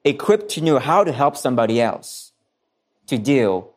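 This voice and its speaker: A man's voice: medium pitch, very animated, normal speed. A man preaching a sermon, earnest and repeating key phrases for emphasis, sometimes restarting his words. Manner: restarts and stumbles on some words.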